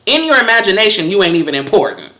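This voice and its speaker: A woman's voice: medium pitch, very animated, quick pace, sharp tone, roomy sound. A woman delivering a heated, profane, scolding monologue with a sarcastic edge. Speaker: commentator.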